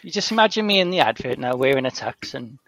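A young man co-hosting a podcast, laid-back and quick to laugh along. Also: medium pitch, sing-song, fairly bright tone. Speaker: podcast co-host. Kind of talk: casual chat.

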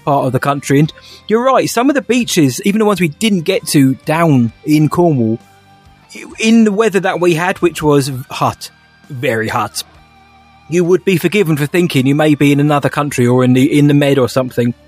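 A man's voice: on the high side, animated, normal speed, soft background music. A young man co-hosting a podcast, chatting casually with jokey, upbeat banter. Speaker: podcast co-host. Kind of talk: casual chat.

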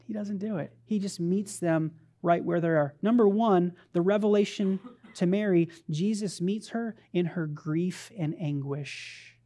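A woman's voice: fairly low pitch, a little slow. Woman preaching in a casual, playful way. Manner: conversational, playful, animated storytelling. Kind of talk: sermon.

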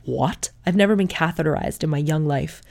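Low-voiced, chatty woman. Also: fairly quick, vocal fry, a little mellow. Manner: frank and chatty, swears, laughs often. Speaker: mother telling her birth story. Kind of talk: casual storytelling to camera.

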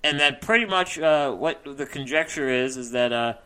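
A man's voice: mid-range voice, bright, forceful tone, clean tone. A man chatting casually on a podcast, cracking jokes and swearing freely. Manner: joking, profane, quick asides. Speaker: podcast co-host. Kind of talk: casual chat.

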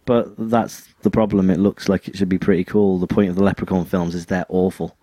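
A man's voice: low-pitched, level tone, brisk, dark tone, no echo. A young man co-hosting a podcast in casual chat, rambling and often stumbling and correcting himself. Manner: rambling, stumbling over words, self-correcting. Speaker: podcast co-host.

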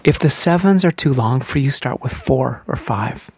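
A man teaching a guided breathing exercise as a voice and breathing coach, counting breaths slowly and reassuring the listener between counts. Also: mid-range voice, slightly rough. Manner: calm counting with reassuring asides.

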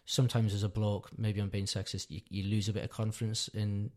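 A man's voice: on the low side, little pitch movement, a little fast, darkish tone. A man, around his thirties, telling a long personal story in casual chat, rambling and correcting himself as he goes. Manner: rambling, self-correcting, earnest. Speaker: podcast guest, father.

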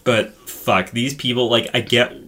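A man with a crisp, bright tone co-hosts a casual film podcast. He recaps scenes in loose, profane, animated chat. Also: mid-range voice, a little slow. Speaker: podcast co-host.

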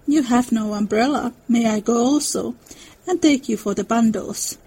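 A woman reading aloud, voicing an earnest, gentle German professor who speaks with formal, halting phrasing. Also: a little high, breathy edge, rough recording.

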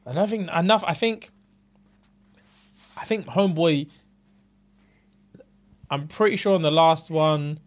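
This is a London man co-hosting a casual podcast, his voice sitting a little high for a man. He tells a story with lots of energy and acts out each person's lines in a new voice as he goes. He swears freely and keeps the whole thing loose and conversational. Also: unhurried, long pauses. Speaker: podcast co-host. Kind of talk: casual chat, animated retelling.

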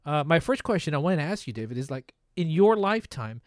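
A man's voice: on the high side, very animated, fast talker, no room sound. Playful podcast host, man, dry sound. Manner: playful, then earnest when asking questions. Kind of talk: casual chat.

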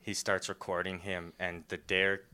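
A man's voice: sits low, little pitch movement, normal speed, pushed and bright, smooth. A young man in casual chat, telling a rambling story and laughing often.

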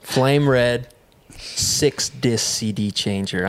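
A young man telling a comedic story in a casual, profane, animated way, laughing often. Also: mid-range voice, moderate pace.

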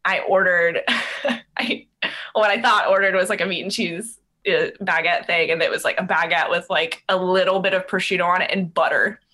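A young woman hosts a podcast, chatting casually and telling stories in an animated way packed with fillers. Her voice is lowish and her pace moderate.

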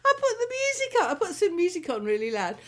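Lively, sing-song older woman. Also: extremely high pitch, fast. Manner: expressive, exclamatory, laughs often. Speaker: podcast co-host. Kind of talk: casual chat.

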